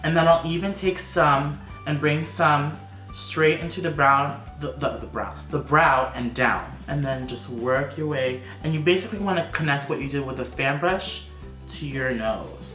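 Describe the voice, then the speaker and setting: A man's voice: on the high side, moderate pace, sharp tone, soft background music. A man talking through a makeup tutorial vlog in a sassy, campy, playful way. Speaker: makeup vlogger. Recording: echoey room.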